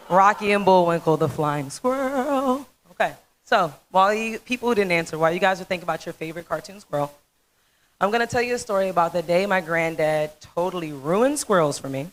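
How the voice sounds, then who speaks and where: A woman in her thirties giving a motivational conference talk, telling a folksy, animated story. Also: fairly low pitch, rough recording. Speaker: dentist speaker.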